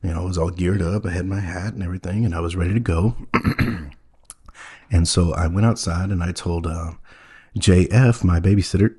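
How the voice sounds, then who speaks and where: A man hosting a comedy podcast, telling a story in a halting, earnest and naive way, full of ums and you-knows. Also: sits low, fairly even intonation, darkish tone, breathy edge. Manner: earnest, wide-eyed naive. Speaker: podcast host playing a naive character.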